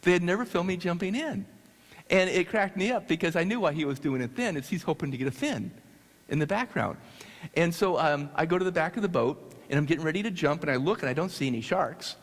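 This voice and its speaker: A man from the United States telling a story to an audience, animated and halting with restarts. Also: a little high. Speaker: speaker. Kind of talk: storytelling talk. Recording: long hall reverb.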